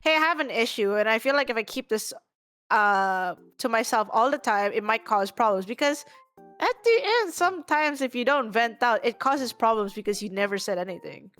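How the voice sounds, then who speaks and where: A woman's voice: fairly high pitch, animated, moderate pace, a bit bright, faint music behind. A woman with an Indonesian accent venting in casual chat, heated and sweary, laughing through her rant. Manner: heated, swears freely, laughs while ranting.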